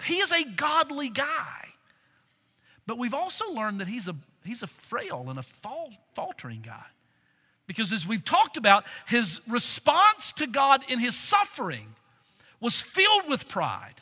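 A man preaching a sermon in a church sanctuary, earnest and expressive, often asking the congregation rhetorical questions. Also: very high-pitched, unhurried, long reverb tail. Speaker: pastor.

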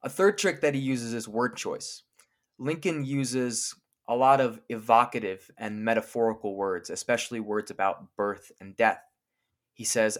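A man co-hosting a podcast, explaining a famous speech in a clear, lecturing way and slowing down to quote lines from it. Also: medium pitch. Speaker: podcast co-host.

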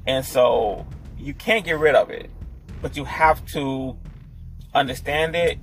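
A man's voice: mid-range voice, slow pace, soft background music, poor audio. A man hosting a solo podcast, talking in a rambling, profane way that often restarts itself. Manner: rambling, profane, self-interrupting. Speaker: podcast host. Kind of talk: casual solo podcast monologue.

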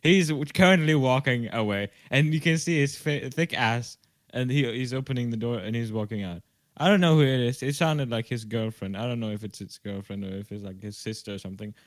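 A young man with a medium-pitched voice talks fairly quickly on a dry recording, co-hosting a podcast over a video call from a room at home. His chat is loose, jokey and rambling, with casual swearing.

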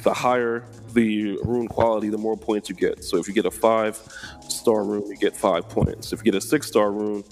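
A man co-hosting a casual gaming chat explains event rules, using lots of ums and you-knows. His voice is on the low side, steady and a little mellow, at a normal speed, with faint music in the background.

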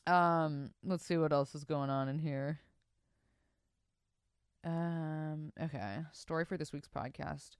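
A young woman hosts an easygoing podcast where she reads listener stories, cutting in with laughter and animated, profane remarks. She speaks slowly with frequent pauses, her low voice smooth and clear, recorded close and dry without any echo.

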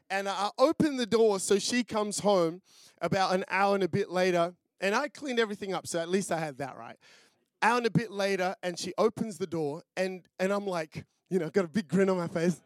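A man's voice: high voice, normal speed, a bit bright, no room sound. A man in his thirties with an Australian accent, a pastor preaching a sermon in a chatty, storytelling way, full of fillers and restarts. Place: church.

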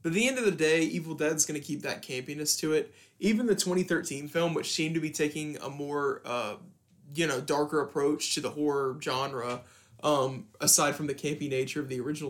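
A young man casually talking about a horror film as podcast co-host, in a loose, halting way with restarts. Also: a little high, a bit bright. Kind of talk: casual film review chat.

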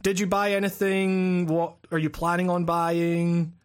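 A man's voice: high-pitched, completely flat delivery, unhurried, clear, resonant tone. A Scottish man co-hosting a podcast in casual chat, rambling with many fillers and restarts, swearing casually. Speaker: podcast co-host and video essayist.

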